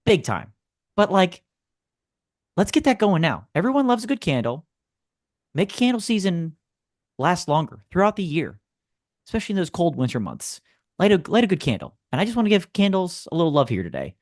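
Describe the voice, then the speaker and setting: A man co-hosting a podcast in casual chat, easygoing, with lots of filler words and shout-out asides. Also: high voice, huge pitch swings, fairly quick, pauses often, dry recording, clean studio sound. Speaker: podcast co-host.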